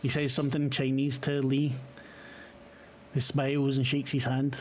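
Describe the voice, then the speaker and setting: A Scottish man running a tabletop horror game as game master, narrating in a halting way, full of fillers and the odd swear. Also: medium pitch, completely flat delivery, a little hiss or hum.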